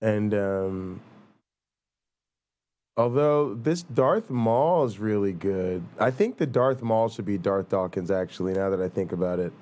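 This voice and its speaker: Low, dark-voiced man with a Jersey accent. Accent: New Jersey. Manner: rambling, profane, thinks aloud with fillers. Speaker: livestream host. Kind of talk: casual live-stream chat.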